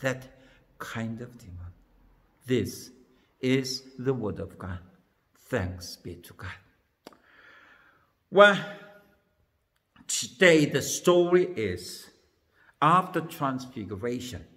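A man's voice: medium pitch, animated, fairly bright tone, in a large hall. A man serving as minister, reading a Bible passage aloud and then retelling it in a sermon. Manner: slow, careful reading then plain retelling. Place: church.

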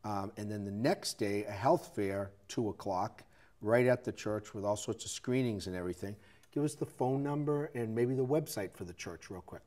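Low-voiced local TV host. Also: male voice, moderate pace, a little mellow. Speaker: TV show host. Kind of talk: local TV interview.

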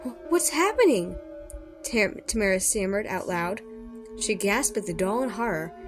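A woman's voice: medium pitch, normal speed, music in the background. A woman reading a children's horror story aloud expressively, with small slips and rereads. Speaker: storybook reader.

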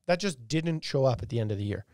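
A man chatting on a podcast in a relaxed, conversational way. He often acts out what he would say to a customer, and his voice is mid-pitched and dry. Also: fast, dry recording. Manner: conversational, acts out quoted dialogue. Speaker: podcast co-host. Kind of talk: casual podcast chat.

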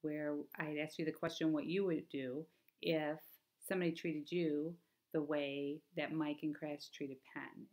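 A woman with a lowish voice reads a children's novel aloud to her class in an expressive, storytelling manner. She breaks off now and then for chatty asides to her listeners. Her delivery is unscripted-sounding and friendly in pace.

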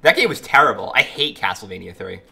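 A man's voice: lowish voice, expressive, fast, gravelly, pushed and bright, husky. A man chatting casually while streaming a game, greeting viewers and reacting to it. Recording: game music playing behind. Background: faint game music.

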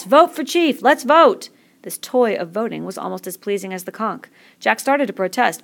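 A woman narrating a novel in a measured, expressive reading. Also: medium pitch, creaky. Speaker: reader. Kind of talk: audiobook narration.

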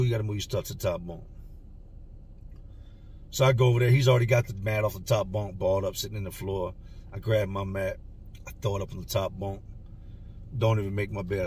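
Man telling a story in a slangy, animated way, low voice, mic a bit far off. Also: a little hiss or hum. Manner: street slang, animated retelling with quoted dialogue. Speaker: storyteller recalling prison time. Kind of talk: casual storytelling vlog.

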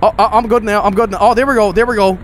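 Young male streamer, high lively voice, faint background hiss; excitable, sweary let's-play commentary. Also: rapid-fire. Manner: excitable, swearing, laughing, reading game lines aloud.

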